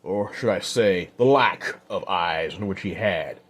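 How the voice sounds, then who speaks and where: Man narrating an old-west story, low voice. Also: fairly bright tone. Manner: slow, unhurried, casual.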